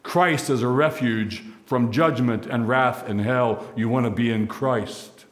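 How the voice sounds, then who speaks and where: A man preaching a sermon as pastor, emphatic, stacking repeated phrases and slowing for key lines. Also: medium pitch.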